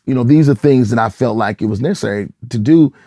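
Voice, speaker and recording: A middle-aged man from Michigan, a gospel singer and pastor, telling animated stories in a casual interview and acting out the voices of people he quotes. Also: mid-range voice, fast talker, no echo, clean studio sound.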